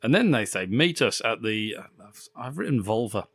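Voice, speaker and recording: A man's voice: lowish voice, sing-song, normal speed, a bit bright, husky, dry recording, studio quality. A man co-hosting a podcast, recapping a bad film in casual, profane, rambling banter. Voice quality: sweary, laughing, rambling recaps. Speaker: podcast co-host.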